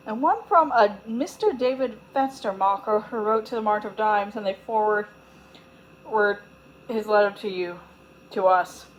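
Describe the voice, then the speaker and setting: A woman reading a storybook aloud and voicing a formal woman secretary with a high, fluty voice who speaks slowly and precisely. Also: highs cut off, a little hiss or hum, close to an everyday voice. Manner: slow, precise and businesslike.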